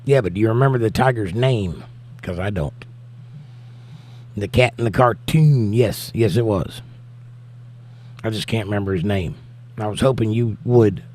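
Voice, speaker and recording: A man's voice: lowish voice, normal speed, long pauses, dark tone. Brief: American male streamer, laid-back chat, reads comments in a sing-song lift. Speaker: livestream host. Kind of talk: casual chat reading viewer comments.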